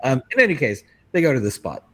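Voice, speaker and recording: A man, in his thirties, chatting on a podcast in a loose and rambling way. He swears casually between stories, in a voice of middling pitch. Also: very animated, quick pace, sharp tone, breathy edge. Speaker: podcast co-host.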